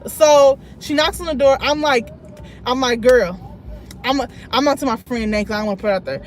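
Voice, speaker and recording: Her voice sits high as this young woman, quick to laugh, chats through a story on a live stream from her car. She reads out viewer comments as she goes, and there's slight background noise.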